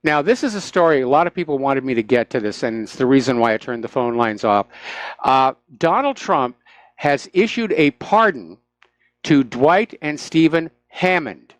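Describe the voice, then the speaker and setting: A man's voice: medium pitch, animated, moderate pace, no echo. A man hosting a talk radio show, giving opinionated, sarcastic commentary with frequent "uh" fillers into a studio microphone.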